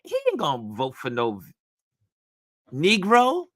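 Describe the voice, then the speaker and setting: A man from New York hosting a casual talk show, telling a story in an animated way with many restarts. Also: fairly high pitch, a little slow, no room sound, studio quality. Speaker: host.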